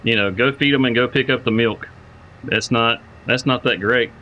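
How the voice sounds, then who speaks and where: Bright-voiced man chatting on a game stream. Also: mid-range voice, moderate pace, highs cut off. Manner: rambling, repeats words while thinking aloud; friendly, greets chat viewers by name. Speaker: livestreamer playing a farming game. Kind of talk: casual live-stream chat.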